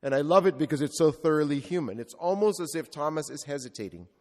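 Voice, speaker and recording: A man's voice: on the high side, animated, quick pace. A male Catholic priest preaching a sermon with reflective storytelling and rhetorical repetition. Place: church. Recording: long reverb of a large church.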